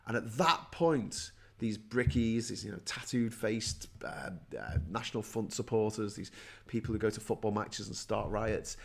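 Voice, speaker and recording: A man's voice: fairly low pitch, steady tone, normal speed, gravelly. A man in his forties hosting a ranting political commentary, angry and sarcastic, who swears a lot and often stumbles over repeated words. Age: 40s. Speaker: host.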